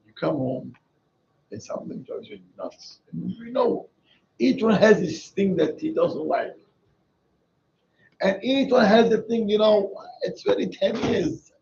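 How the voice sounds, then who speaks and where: A rabbi teaching an informal Torah class, switching between Hebrew and English in an animated way. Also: high voice, gravelly, highs cut off. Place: small synagogue class with people present.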